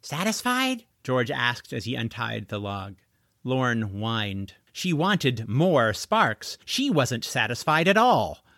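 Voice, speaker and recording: Bright, lively male storyteller. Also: medium pitch, slow pace, dry recording, studio quality. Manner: expressive storytelling. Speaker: audiobook narrator. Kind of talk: scripted narration.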